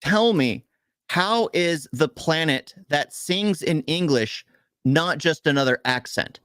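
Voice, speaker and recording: A man's voice: on the high side, expressive, slow pace, fairly bright tone, clean tone, dry recording. A man co-hosting a casual movie review, ranting in frustration with rhetorical questions.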